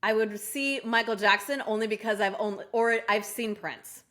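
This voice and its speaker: A woman guest on a podcast, giving quick, decisive answers with light jokes. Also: medium pitch, fairly bright tone. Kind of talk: casual interview chat.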